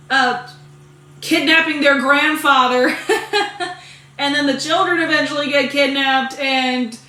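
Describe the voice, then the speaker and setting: A woman's voice: high voice, sharp tone. A woman giving a casual spoken movie review, chatty and rambling, often restarting her sentences and laughing. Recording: echoey room.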